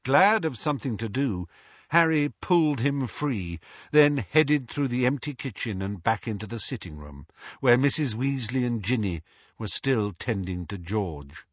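Male audiobook narrator, slow and expressive; husky, dull lo-fi audio. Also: mid-range voice, no echo. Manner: expressive storyteller.

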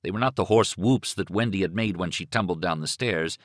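A man narrating a novel in an expressive, dramatic reading. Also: sits low, a little fast, dry recording, studio quality. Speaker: audiobook narrator. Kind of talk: scripted narration.

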